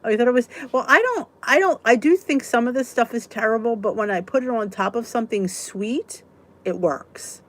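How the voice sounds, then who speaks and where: A woman's voice: fairly high pitch, normal speed. A woman hosting a casual live weight-loss chat, answering viewer comments in a chatty, giggly way. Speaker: weight-loss vlog host.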